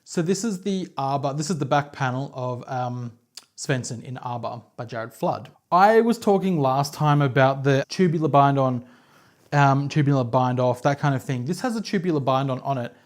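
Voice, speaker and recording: A woman's voice: extremely low pitch, normal speed, darkish tone. An Australian woman hosting a knitting podcast, talking to camera in a chatty, rambling, self-deprecating way from home. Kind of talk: casual chat to camera. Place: home, on her couch.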